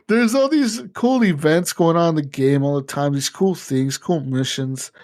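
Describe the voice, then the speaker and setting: A young man on a podcast, telling a video game story in a casual, profane and animated way, acting out the game's dialogue. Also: a little high, measured pace. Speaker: podcast co-host. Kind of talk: casual gaming chat.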